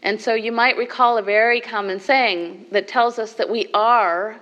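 A woman teaching as a meditation leader, giving a dharma talk to a group in a measured way, with soft laughs and asides of "right?". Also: on the high side, steady tone, lo-fi sound.

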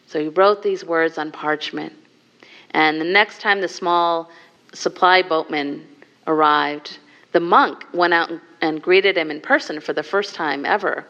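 A woman meditation teacher telling a teaching story and leading a guided meditation in a gentle, soft-spoken way. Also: low-pitched, fairly even intonation, a little slow, muffled recording.

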